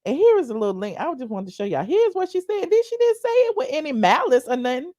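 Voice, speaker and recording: A woman hosting a casual livestream, chatting to viewers in a sassy, animated, digressive way. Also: high-pitched, fast talker, no room sound, studio quality. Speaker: livestream commentary host. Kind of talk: casual commentary reading viewer chat.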